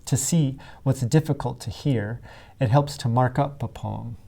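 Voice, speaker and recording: A man who teaches writing, giving a scripted lesson in a clear, deliberate way and stressing his example words heavily. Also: mid-range voice, dark tone. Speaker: writing instructor. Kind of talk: scripted educational narration.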